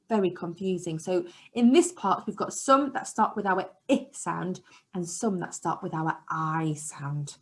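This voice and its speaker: A woman teaching a phonics lesson to young children in an encouraging, sing-song way, sometimes dropping to a soft whisper. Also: mid-range voice, animated, measured pace, husky. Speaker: early years teacher. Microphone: camera she sets up herself.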